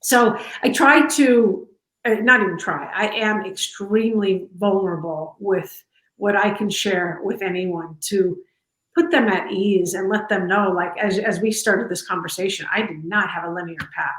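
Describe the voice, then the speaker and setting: A middle-aged woman talking casually in an interview, warm and chatty with lots of fillers and restarts, on a video call from home. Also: medium pitch, normal speed. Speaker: company culture executive, interview guest. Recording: echoey room.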